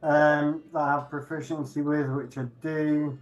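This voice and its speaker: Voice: medium pitch, level tone, measured pace, dull audio. A player in a tabletop game, talking casually and reassuringly.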